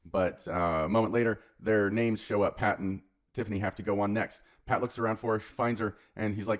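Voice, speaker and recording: A man's voice: on the low side, steady tone, moderate pace, hardly any pauses. A man hosting his channel, casually retelling a film plot in a rambling, offhand, slangy way. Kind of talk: casual comedic film recap.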